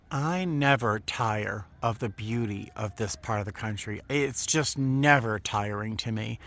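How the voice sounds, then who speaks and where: A man's voice: medium pitch, animated, a little slow, a bit bright, dry recording. A man chatting casually as he walks and films outdoors on a desert boardwalk, easily delighted and exclaiming often. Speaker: vlogger. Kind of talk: casual walking vlog.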